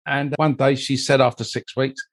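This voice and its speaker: As an interview guest, an older mold investigator meanders through a lengthy personal anecdote, sprinkling in "you know" along the way. He speaks at an ordinary middle pitch with a level tone and moderate pace.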